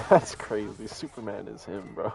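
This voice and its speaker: A man's voice: fairly low pitch, animated, slow, vocal fry, darkish tone. A young man chatting casually while gaming, slangy and profane, laughing often. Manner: slangy, profane, laughs a lot, says "bro".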